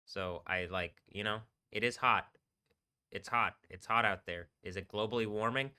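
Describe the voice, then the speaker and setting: A man's voice: on the low side, moderate pace, sharp tone, clear, resonant tone. A man rambling and swearing on a live stream, often breaking into laughter. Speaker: livestreaming DJ.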